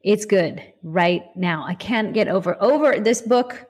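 A woman hosting a casual faith podcast, affirming her guest and talking in a quick, preachy way. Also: medium pitch, slightly rough.

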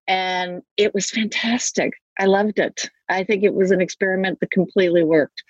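A woman's voice: medium pitch, steady tone, moderate pace, breathy edge, no echo. A woman recording from a closet at home, telling her stories in a cheerful, easygoing way. Her audio is a little dull and dry, like a home remote setup. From Connecticut. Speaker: podcast guest. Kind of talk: casual interview.

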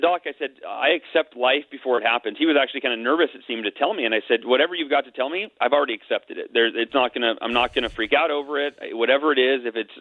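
A medium-pitched middle-aged man, appearing as an interview guest, tells a personal story with candor and emotion, mixing in quick jokes. The sound is tinny like a phone line, with no room sound.

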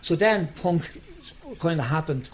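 A rock singer with a Dublin accent, guesting on an interview, speaks at a measured pace in a slightly high voice. He tells stories casually and animatedly, swearing plenty and getting heated.

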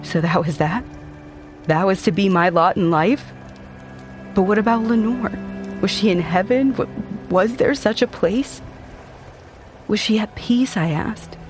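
A man with a high voice reads a dark first-person story aloud. His telling is brooding and theatrical, leaning hard into the tension of each line. Faint music plays underneath. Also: a little slow, pauses often. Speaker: narrator.

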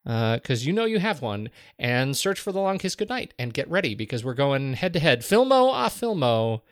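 A man's voice: medium pitch, no echo, studio quality. A man co-hosting a film podcast, bantering with wry, sarcastic humor. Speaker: podcast co-host. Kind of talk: casual film podcast chat.

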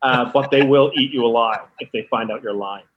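A man from Canada, a comedian calling in as a guest, telling anecdotes in an animated way, laughing and slipping into voices. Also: medium pitch, fairly quick. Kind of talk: anecdotal storytelling. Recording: lo-fi phone-in line.

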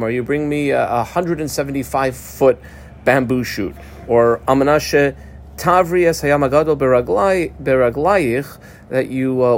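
A man teaching a Talmud lesson in a casual, chatty way, explaining and translating terms with many fillers and restarts. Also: mid-range voice.

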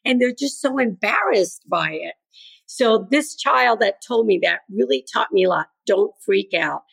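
Speaking slowly, just a little, with lively intonation, this grandmother and educator has a mid-range, fairly bright voice with vocal fry and a breathy edge. She's an older woman and an earnest interview guest in a conversational setting, performing the quoted words of children and parents.

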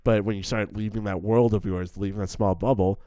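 A man's voice: on the low side, fairly even intonation, a little fast, warm tone, smooth, no room sound. A young man co-hosting a film podcast in a casual, chatty way, full of "like" fillers and acted-out lines. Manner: chatty, lots of "like" fillers, acts out character lines. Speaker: podcast co-host.

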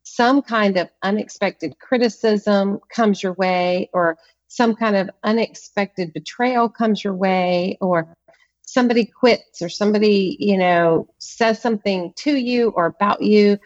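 An earnest woman talks through hurt and anger as a podcast guest, leaning on emphatic repeats. Her voice sits at an ordinary middle pitch. The audio is a little dull and muffled, like a remote connection. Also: unhurried. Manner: earnest, emphatic storyteller, repeats words for stress. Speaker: author and guest. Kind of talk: podcast interview conversation.

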